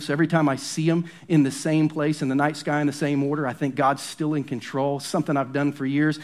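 A man preaching a sermon as pastor in a church, emphatic and often dropping to a hushed, intense tone on key points. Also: fairly high pitch.

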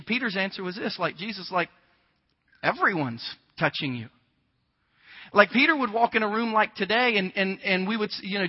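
A man with a high voice preaches a conversational sermon, slipping into quick acted-out exchanges and rising louder to drive points home. The sound rings with the long reverb of a large hall. The audio is slightly dull. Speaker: pastor.

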